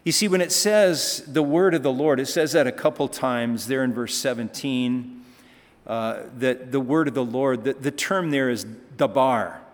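A man's voice: mid-range voice, unhurried. Man preaching in a reverberant hall. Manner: conversational, reads scripture then comments, rising emphatic passages. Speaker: pastor. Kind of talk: sermon, Bible teaching.

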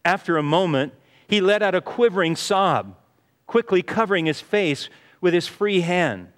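A man's voice: high-pitched, animated, normal speed, a bit bright. A man preaching a sermon, telling a story in an earnest way and often saying "you see". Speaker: pastor. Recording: reverberant hall.

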